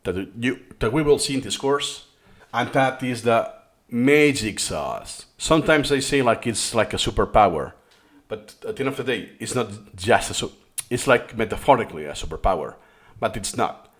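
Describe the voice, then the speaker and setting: In a reaction-style lesson, a man explains a study method with frequent restarts, his mid-range voice expressive and his pace moderate. He is the course host, and English, his third language, is not his first.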